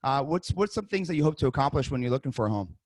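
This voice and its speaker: A man's voice: medium pitch, animated, no echo, clean studio sound. A man on a video call coaching real estate agents and role-playing a sales call, upbeat and conversational. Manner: upbeat, conversational, rapid restarts.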